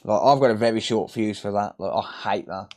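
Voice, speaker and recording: A man's voice: fairly low pitch, brisk, noisy background. A man chatting casually on a live repair stream, blunt and sweary, joking and ranting as he works. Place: repair workbench.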